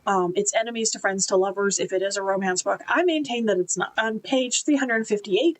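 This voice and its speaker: A woman talks through a book review in a loose, chatty way. Her voice sits at an ordinary middle pitch, and she stays enthusiastic, restarting sentences as she goes. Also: moderate pace, poor audio.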